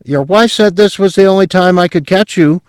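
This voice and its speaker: A man voicing an eager, beaming young male insurance salesman who talks fast and pushes on. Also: high-pitched, smooth, no echo, studio quality, pitched above the performer's own voice, natural voice. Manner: bright, eager and pushy.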